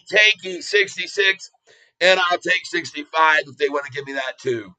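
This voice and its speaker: Excitable male stream host, fairly high voice, bright tone, casual banter. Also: moderate pace, soft background music, low-quality recording. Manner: excitable, bursts of cheering. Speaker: livestream stock trader. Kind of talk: casual livestream commentary.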